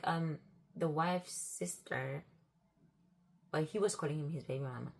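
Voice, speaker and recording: A woman telling an animated, exasperated storytime on her vlog. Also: fairly low pitch, vocal fry, slightly rough. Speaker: vlogger.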